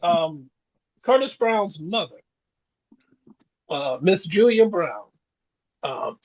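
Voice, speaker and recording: Speaking extremely slowly, a sixty-something man co-hosting a podcast recounts reflective stories in relaxed chat, chuckling frequently. His voice is high-pitched and animated yet darkish in tone. The recording has a dull, lo-fi quality.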